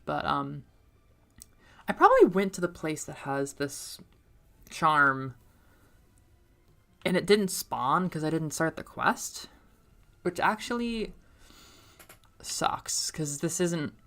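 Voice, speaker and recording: A young woman chats casually while she plays a game, her low voice drifting from one topic to the next. She laughs often, and her volume jumps whenever something excites her. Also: vocal fry. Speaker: streamer and middle school teacher.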